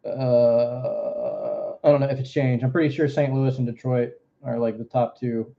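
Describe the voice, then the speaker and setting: A man's voice: mid-range voice, lively intonation, measured pace, creaky, dull audio. A man from Florida with a Southern accent, hosting a livestream in casual, joking, rambling chat. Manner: rambling, joking, drawling asides. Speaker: livestream host.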